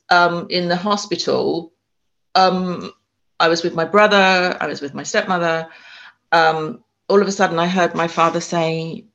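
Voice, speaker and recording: This woman, an author and spiritual medium, recounts her life in an interview, stumbling through frequent restarts and ums. Her voice is on the low side and a little bright, captured with lo-fi sound quality.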